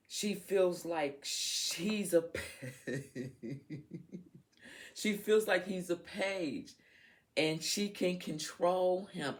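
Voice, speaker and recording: A woman's voice: mid-range voice, a little mellow. A woman giving a casual tarot reading to her viewers, frank, swearing freely and laughing as she talks. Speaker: tarot reader.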